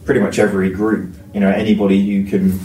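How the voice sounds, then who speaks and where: Fast-talking man on a roomy distant mic. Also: low voice, level tone, mellow. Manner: rambling, filler-heavy, self-deprecating. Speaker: podcast co-host. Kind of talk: casual panel discussion. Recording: echoey room, distant mic, faint noise.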